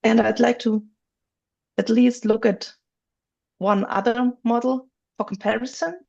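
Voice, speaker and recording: Woman, workshop instructor, raspy fry, a bit high, lo-fi video-call sound. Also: steady tone, measured pace, a little mellow. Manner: chatty, laughs easily, thinks aloud. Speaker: writing software instructor. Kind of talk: live online workshop teaching. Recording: dull lo-fi video call audio.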